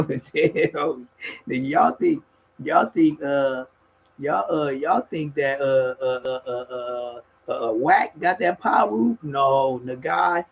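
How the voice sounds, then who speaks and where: A man tells a rowdy street story in a husky, slightly raspy voice that sits a little high for a man. He talks casually and profanely. He breaks into laughter and mimics the people he describes. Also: low-quality recording. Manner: animated, profane, laughs mid-story, acts out other people.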